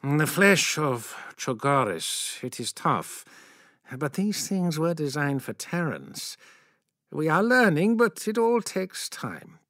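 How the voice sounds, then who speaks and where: An owlish male apothecary, put on by a male narrator, measured and concerned as he explains. The voice rides higher than the narrator's own. The recording is dry and close. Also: very animated, a bit bright, no echo, exaggerated voice.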